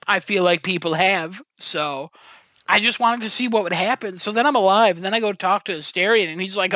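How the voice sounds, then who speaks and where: A man's voice: high-pitched, moderate pace, bright, forceful tone, no room sound, rough recording. A young man casually telling a funny story about his video game, acting out quotes and laughing often. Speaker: podcast co-host.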